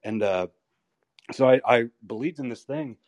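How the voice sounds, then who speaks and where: A male pro wrestler in his thirties, a guest on a podcast, telling candid, profane stories in a rambling, animated way. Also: medium pitch, moderate pace, dry recording. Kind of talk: candid storytelling interview.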